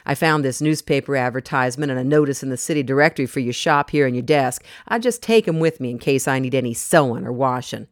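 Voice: mid-range voice, fast, hardly any pauses, no echo, studio quality, lightly acted. The reader voicing a blunt, menacing bearded slave hunter. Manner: blunt, threatening.

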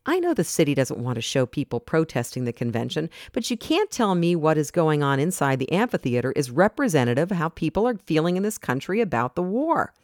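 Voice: medium pitch, big pitch swings, brisk, few pauses, dry recording, studio quality. Reader voicing an earnest teenage activist girl. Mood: insistent. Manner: earnest, forceful opinions. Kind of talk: storybook narration.

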